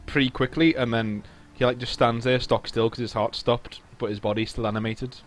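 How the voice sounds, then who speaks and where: A man's voice: medium pitch, fairly even intonation, fairly quick, soft background music. A man running a tabletop role-playing game as game master, narrating playfully with stammering restarts.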